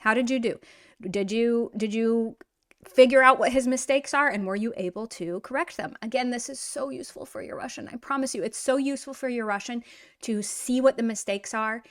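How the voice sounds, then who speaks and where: An American woman teaching a language lesson, playful and expressive as she corrects a student's sentences. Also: on the high side, a little fast. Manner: playful, switching between English and Russian.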